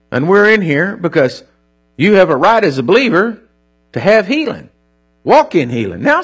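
Animated husky-voiced male preacher. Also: fairly high pitch. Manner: animated, conversational preaching with acted-out quotes. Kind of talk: sermon.

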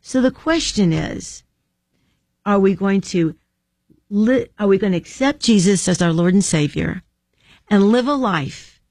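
A woman's voice: mid-range voice, darkish tone, no room sound, clean studio sound. A middle-aged woman, an author, giving an earnest personal faith testimony in an interview. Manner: earnest storytelling, acting out quoted voices. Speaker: author guest.

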